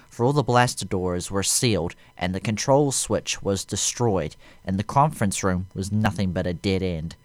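A man narrating a fan story aloud in a steady, even way. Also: fairly low pitch, no room sound.

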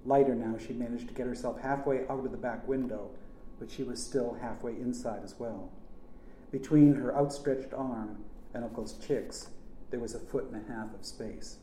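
Guy narrating his own story, earnest, mellow low tone, roomy echo. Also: fairly even intonation, moderate pace, slight background noise. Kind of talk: first-person story reading. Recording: echoey room.

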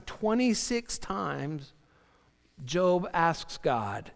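A male pastor delivering a sermon, moving between loud, dramatic readings and quiet, low emphasis. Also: measured pace, in a large hall. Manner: animated preaching, voicing Job's cries with rising pitch and dropping low for emphasis.

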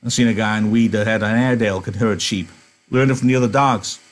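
A man's voice: lowish voice, fairly even intonation, fast talker, close to an everyday voice. A man voicing a plain-spoken male ranch worker, reading a novel aloud in class. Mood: matter-of-fact.

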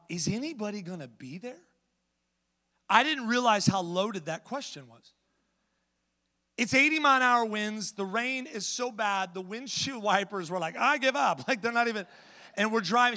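A man pastor from the United States preaching a sermon, telling a story with animation and then building to loud exhortation. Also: high-pitched, in a large hall.

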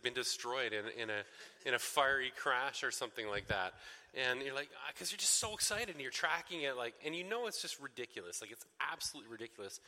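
A man's voice: medium pitch, sharp tone, in a large hall. A middle-aged man preaching a sermon in a chatty, rambling way, full of restarts and rhetorical questions. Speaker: pastor.

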